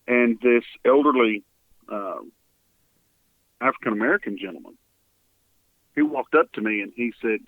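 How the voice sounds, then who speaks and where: This interview guest is a man from Texas with a Texan accent, speaking at medium pitch and normal speed with long pauses. His recording is dry and phone-like with no echo as he tells an earnest, emotional story from his relief volunteering.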